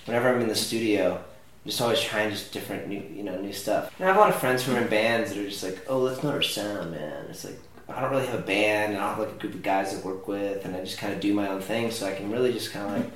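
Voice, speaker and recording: A young man talks loosely about himself in an interview, circling his points with "you know" and "like". His voice sits a little low. The recording is very roomy and he sounds set back from the mic. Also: quick pace, fairly bright tone, far from the mic, slight background noise. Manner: rambling, filler-heavy, laid-back. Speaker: musician guest. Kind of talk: casual interview chat.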